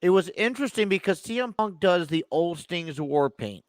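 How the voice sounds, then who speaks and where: A man co-hosting a casual talk show, rambling in loose, halting sentences full of restarts. His voice sits a little high, and the recording is very dry and close. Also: animated, no room sound. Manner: rambling, hesitant, many restarts. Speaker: co-host. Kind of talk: casual chat.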